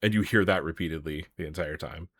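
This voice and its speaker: A young adult man co-hosting a podcast, chatting with excitement and laughing often. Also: rumbling low, fast talker, dry recording, studio quality. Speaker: podcast co-host. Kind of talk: casual podcast chat.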